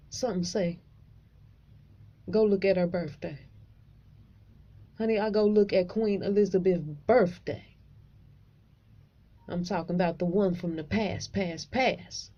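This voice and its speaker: Profane, animated woman vlogger, mellow voice. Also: medium pitch, a little slow, pauses often, muffled recording. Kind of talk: casual storytelling to camera.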